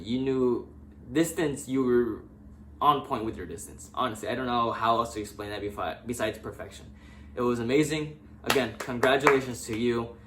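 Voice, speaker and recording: A young man in a casual fight recap, excitable and speaking directly to the fighters he discusses. His voice sits at an ordinary middle pitch. A faint hiss of noise runs under the recording. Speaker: MMA fan vlogger.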